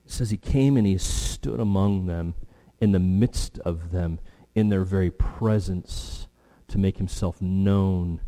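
A man preaching a sermon, emphatic, slowing down to stress key phrases. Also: sits low, mellow. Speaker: pastor.

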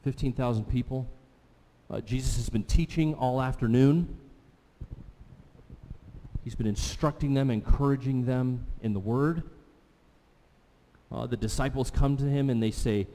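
A man's voice: mid-range voice, unhurried, pauses often, dark tone. A man pastor preaching a sermon in a conversational way, putting questions to the congregation. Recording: long hall reverb.

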